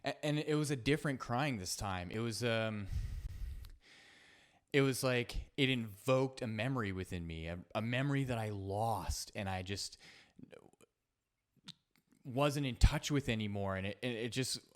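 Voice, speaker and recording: A man hosting a solo podcast, telling a personal story in a reflective, halting way with many fillers and restarts. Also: mid-range voice. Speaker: podcast host.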